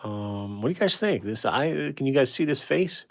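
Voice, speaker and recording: A man's voice: mid-range voice, animated, normal speed, vocal fry. A man hosting a painting livestream, chatting casually with viewers and musing self-critically about his work.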